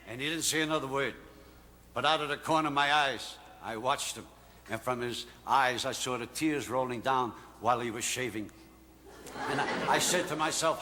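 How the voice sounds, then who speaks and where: Bright-voiced comedian on a reverberant stage. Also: male voice, high voice, expressive, normal speed. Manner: kvetching family anecdotes with punchlines. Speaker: stand-up comedian. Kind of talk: stand-up comedy routine.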